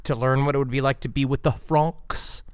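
A man's voice: mid-range voice, fairly even intonation, normal speed, smooth, no room sound. A man co-hosting a podcast in casual, jokey chat, often slipping into silly put-on voices. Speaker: podcast co-host.

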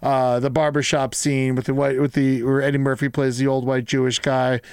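A man, co-hosting a casual podcast chat and telling stories in a rambling, profane, animated way. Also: mid-range voice, normal speed, clear, resonant tone, no room sound. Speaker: podcast co-host.

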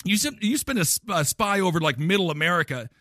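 A man's voice: sits high, sing-song, quick pace, a bit bright, dry recording. Young man, from Wisconsin, jokey riffing, casual chat, dry recording. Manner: riffing, jokey, puts on silly voices.

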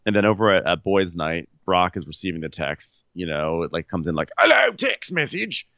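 A man co-hosting a podcast, narrating reality show scenes in a loose storytelling way. His voice is fairly low. The recording is dry and slightly dull. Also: fairly even intonation, a little fast, fairly bright tone, no echo. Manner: storytelling, retells scenes with filler words. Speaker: podcast co-host. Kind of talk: casual recap narration.

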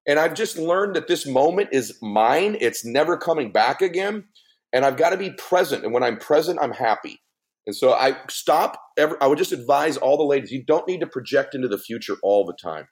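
A middle-aged man telling a story in a podcast conversation, animated and laughing, with big swings in his voice. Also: a little high, moderate pace. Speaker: podcast guest, motivational speaker.

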